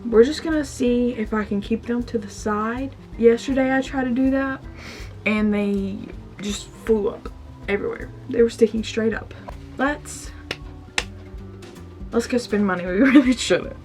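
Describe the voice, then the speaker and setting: A young woman in her twenties talks to camera in a casual, confiding vlog, her voice sitting a little high. Faint music plays softly under her. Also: a little slow. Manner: emotional, tearful confiding. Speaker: vlogger. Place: store aisle, indoors.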